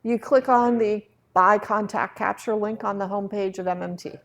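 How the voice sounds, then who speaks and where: A woman running a real estate training session in a relaxed, chatty way. She livens up her explanations by acting out short dialogues from stories. Her voice sits at a middle pitch. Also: normal speed, a little hiss or hum. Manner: chatty, acts out dialogue in anecdotes.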